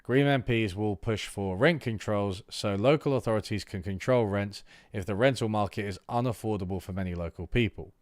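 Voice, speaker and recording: A low-pitched man streams himself reading a political manifesto aloud. He breaks off into casual, halting asides full of fillers. His voice sounds close and dry, with no room sound. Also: no echo. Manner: reads text aloud, then breaks off into loose asides with fillers. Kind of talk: livestream reading aloud with commentary.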